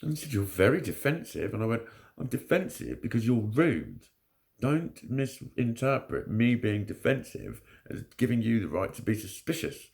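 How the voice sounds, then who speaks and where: A man's voice: medium pitch, sing-song, normal speed, gravelly, darkish tone. A man telling a story to camera in casual vlog talk, blunt and full of swearing, laughing often. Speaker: vlogger.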